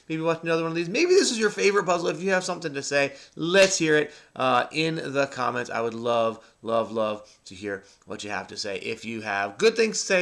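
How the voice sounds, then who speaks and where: Middle-aged man, crossword vlogger, gravelly and bright, rambling and self-mocking. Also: mid-range voice. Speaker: crossword video host. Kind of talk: solving a crossword while thinking aloud.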